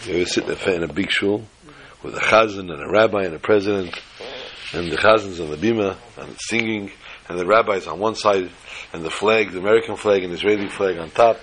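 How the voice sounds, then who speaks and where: A man teaching an informal Torah class, telling jokes and stories with lively jumps in pitch for emphasis. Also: a little fast. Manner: animated storyteller who jumps to high pitch for emphasis.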